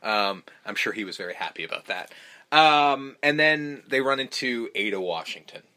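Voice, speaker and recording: A man's voice: medium pitch, animated, normal speed, sharp tone. A man hosting a podcast, recapping a film in casual, rambling chat full of ums, restarts and swearing. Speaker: podcast host.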